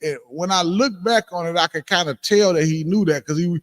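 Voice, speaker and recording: A man with a Detroit accent telling stories and preaching in a casual, animated way during a livestreamed class, acting out what people said. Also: fairly high pitch, brisk, big-room sound. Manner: animated, acts out quoted exchanges, laughs often. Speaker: speaker in a livestreamed religious class.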